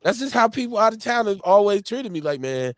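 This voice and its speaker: A man in his forties from Milwaukee with a Milwaukee accent, hosting a live show in casual, slangy chat full of shout-outs and stories. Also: high voice, fast, no echo, clean studio sound. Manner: animated storytelling, slangy, lots of shout-outs. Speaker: host.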